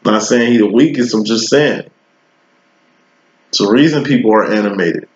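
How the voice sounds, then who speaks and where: A man's voice: on the low side, normal speed. Man giving a slangy tarot reading. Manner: loose, slangy and profane, with rambling analogies. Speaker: tarot reader. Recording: roomy, dull lo-fi recording.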